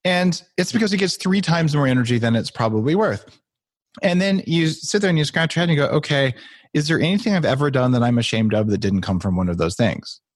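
A man's voice: on the high side, animated, fast talker, no room sound, clean studio sound. A man talking as a podcast guest, playfully acting out the voices in people's heads as he explains. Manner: playful, acts out inner voices. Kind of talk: animated interview talk.

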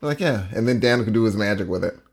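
A man co-hosting a casual podcast, rambling and enthusiastic, quick to laugh. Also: on the low side, lively intonation, vocal fry. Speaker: podcast co-host.

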